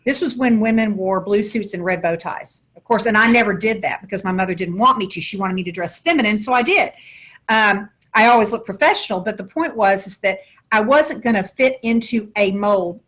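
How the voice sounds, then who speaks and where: A woman's voice: medium pitch, normal speed, fairly bright tone. Podcast guest: middle-aged woman, Southern drawl, storyteller who leans on folksy metaphors. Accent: Southern American. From American South. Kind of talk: podcast interview.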